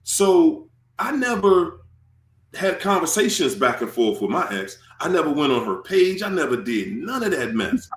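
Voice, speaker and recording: A man hosting his channel in casual chat, animated and swearing freely, acting out quoted tirades. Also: a little high, moderate pace, reverberant. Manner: animated, swears, acts out quoted rants loudly. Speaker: channel host.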